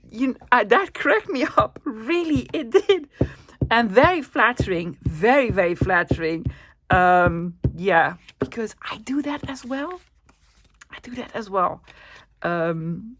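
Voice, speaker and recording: A woman's voice: mid-range voice, fairly bright tone, no room sound. A woman from the Netherlands with a Dutch accent, hosting a casual craft-along chat and talking to herself as she works. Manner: chatty, talks to herself while working. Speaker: crafting channel host.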